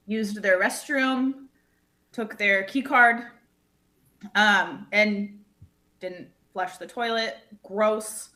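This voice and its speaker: A woman's voice: mid-range voice, pushed and bright. A woman improvising a flustered, rambling bride planning an island wedding, in live improv comedy. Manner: rambling, flustered, full of fillers.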